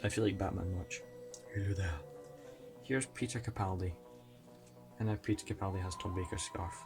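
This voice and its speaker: A man with an excitable, chatty manner and self-mocking asides, giving casual unboxing commentary as a toy collector vlogger. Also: on the low side. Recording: music playing underneath. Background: background music.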